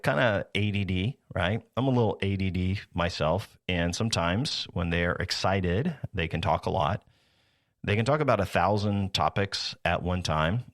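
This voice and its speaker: A man's voice: low-pitched, fairly bright tone, dry recording, studio quality. A man hosting a podcast, explaining sales in a casual, rambling way with many restarts and asides. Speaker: podcast host. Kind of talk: casual teaching talk.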